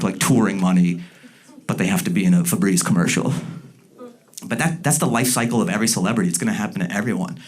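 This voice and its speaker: A man doing a stand-up comedy set, animated and jumping into loud, shouted character bits. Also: lowish voice. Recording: live comedy club with audience laughter.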